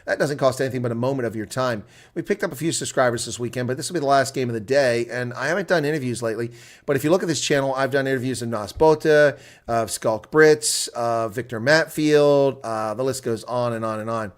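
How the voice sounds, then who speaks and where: Man shouting excited rugby play-by-play. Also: medium pitch, fairly quick. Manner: erupts into loud excited shouts at big plays, then settles into chatty talk; casual, rambling, reads viewer comments. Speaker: live reaction commentator. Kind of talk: live play-by-play and color commentary.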